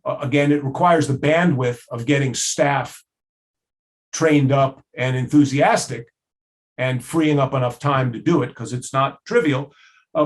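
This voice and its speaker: A man lecturing at a workshop in a relaxed, conversational manner, working through a list of ideas. He often pauses on "uh" and lets his voice drop quietly as he wraps up a point. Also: fairly high pitch. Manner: conversational, with frequent "uh" fillers and listing. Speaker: trainer. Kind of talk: recorded training lecture.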